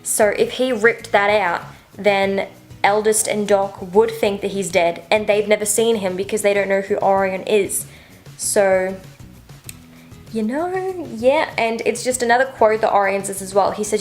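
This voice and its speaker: A woman's voice: mid-range voice, a little slow, faint music behind. A woman vlogging a casual reading update soon after waking, chatty and rambling with lots of fillers. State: just woken up. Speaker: book vlogger.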